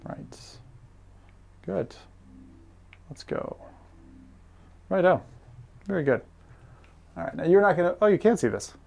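A man's voice: high voice, animated, slow, creaky, pauses often, darkish tone. A man streaming a VR game, chatting casually and reading viewer messages aloud. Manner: rambling, chatty, reads chat aloud. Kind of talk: casual live-stream chat.

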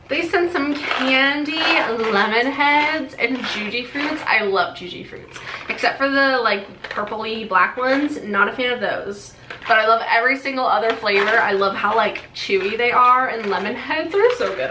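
Bubbly high-voiced young woman unboxing. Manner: bubbly, gushing, laughs often. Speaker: beauty vlogger. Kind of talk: excited haul unboxing chat. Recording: echoey room, faint noise.

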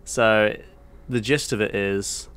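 A man's voice: on the low side, steady tone, takes it slowly, heavy background noise. A young man co-hosting a podcast in casual chat, laughing through his story as he tells it. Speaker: podcast co-host.

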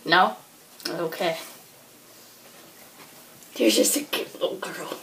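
A woman's voice: lowish voice, slow pace, gravelly, a bit bright, a little hiss or hum, poor audio. A woman hosting a playful pet vlog at home, asking her dogs questions in sing-song baby talk. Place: home room with an ottoman.

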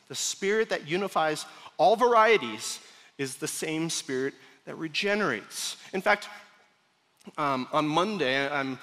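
A man's voice: a little high, pushed and bright. A male pastor preaching a sermon in a large church, conversational and given to joking asides to the congregation. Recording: long hall reverb. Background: congregation laughing at times.

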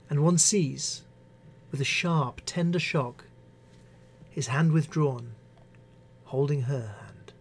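Man, English teacher, poetry reading, slow, slightly high voice, expressive recitation. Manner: measured, expressive recitation with hesitant asides. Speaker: English teacher hosting a live stream.

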